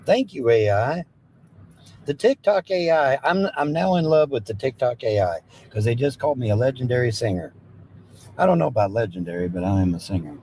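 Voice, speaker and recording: A man's voice: medium pitch, lively intonation, fairly quick, warm tone, slight background noise, rough recording. A man hosting a livestream, joking playfully with his viewers and drifting into bits of song. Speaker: livestream host and singer. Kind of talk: casual chat with live viewers.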